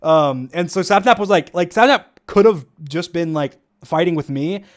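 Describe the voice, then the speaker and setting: A man's voice: a little high, animated, moderate pace. Brief: young male streamer, slightly raised voice, rambling casual commentary, chuckles often. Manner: rambling, restarts, frequent chuckles.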